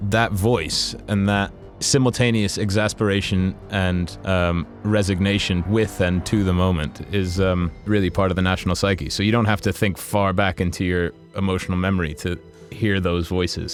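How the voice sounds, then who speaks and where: A man raised in the USA and Ireland, a voice actor talking casually in an interview, chatty with lots of fillers. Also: deep voice. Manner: chatty, many fillers, laughs easily. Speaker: voice actor guest.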